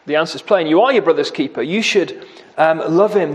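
A man's voice: fairly high pitch, a little fast, few pauses. A man preaching a sermon, grave and emphatic, repeating key words for weight.

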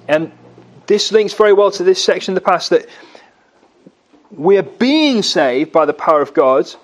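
A man preaches a sermon earnestly, his voice rising and dropping dramatically with big swings in pitch and volume.

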